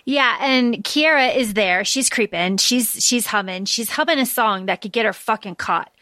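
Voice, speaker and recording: A woman's voice: on the high side, moderate pace, sharp tone, dry recording. A woman co-hosting a podcast, recapping a book's plot in casual, blunt chat with the odd swear word. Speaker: podcast co-host. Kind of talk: casual book-discussion chat.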